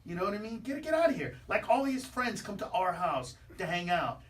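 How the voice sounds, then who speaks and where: A man as a comedian guest on a radio show, riffing in a stand-up style with brash, ranting punchlines and sudden shouts. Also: high-pitched, very animated, a little fast, distant mic. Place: radio studio.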